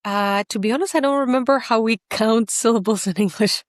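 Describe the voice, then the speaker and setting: A woman's voice: a little high, brisk, no echo, studio quality. A Russian-speaking woman practicing English pronunciation on a video call, answering tentatively in short replies. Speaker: pronunciation student. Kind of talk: repeating drills in a lesson.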